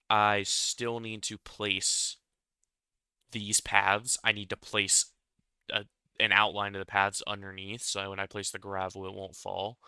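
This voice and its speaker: A man's voice: on the low side, sharp tone, clean tone, no echo, clean studio sound. A young man chatting casually while he builds in a game, rambling and self-deprecating, often chuckling at himself. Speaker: Minecraft building creator. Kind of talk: casual gameplay commentary.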